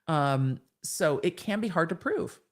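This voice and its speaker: A woman's voice: deep voice, expressive, a little slow. A woman in her thirties hosting a live stream, reading viewers' chat comments aloud and answering them in a frank, chatty way.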